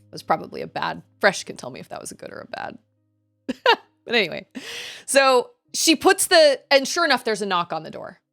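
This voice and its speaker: A woman livestreamer telling a story in a rambling, animated way, laughing often. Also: medium pitch, a little fast, gravelly, soft background music.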